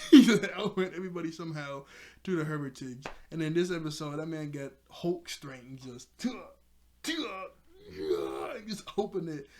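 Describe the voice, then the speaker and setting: Excitable man recapping an episode. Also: a little high, fairly quick. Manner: chuckles often while retelling, excitable. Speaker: episode reviewer.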